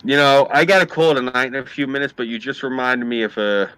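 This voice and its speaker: A man's voice: mid-range voice, quick pace, fairly bright tone, clear, resonant tone, no echo, low-quality recording. A man chatting casually on a live stream, telling stories animatedly and swearing freely. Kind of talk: casual chat and storytelling.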